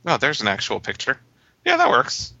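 A man thinks aloud in a casual chat, restarting as he goes. His voice is bright and a little tense. The audio is dry and slightly dull. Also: mid-range voice, huge pitch swings, moderate pace, no echo.

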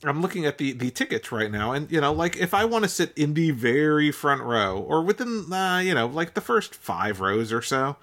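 A man co-hosting a podcast in a relaxed, wry way, sometimes reading details aloud as he chats. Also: on the high side, moderate pace, hardly any pauses. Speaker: podcast co-host. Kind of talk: casual chat.

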